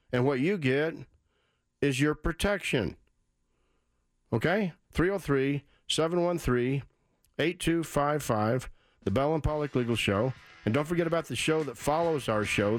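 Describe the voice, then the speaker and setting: A man's voice: fairly high pitch, dry recording. Emphatic male radio show host. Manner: emphatic, repetitive, urgent. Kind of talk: radio call-in show talk.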